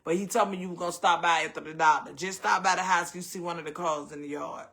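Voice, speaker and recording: Southern guy talking to his viewers like family, high voice, calls everybody baby and honey. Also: steady tone, fast talker, pushed and bright. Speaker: host. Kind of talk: casual chat with viewers.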